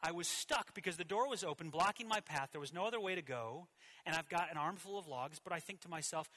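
High, bright-voiced male pastor storytelling. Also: quick pace. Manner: storytelling, animated, swings between loud and hushed. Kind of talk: sermon with personal story. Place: church.

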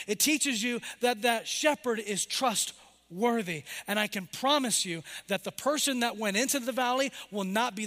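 A middle-aged male pastor preaches with a notably high voice that climbs for emphasis and then drops to a soft low murmur. His words ring out with a long reverb, as in a large church sanctuary. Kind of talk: sermon.

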